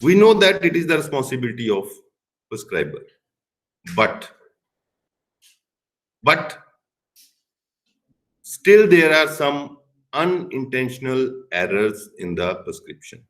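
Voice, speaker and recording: A man's voice: medium pitch, big pitch swings, slow pace, pauses often, a bit bright, poor audio. A middle-aged man with an Indian English accent giving a recorded pharmacy lecture, stressing key words and now and then slipping into Hindi. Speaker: pharmacy professor.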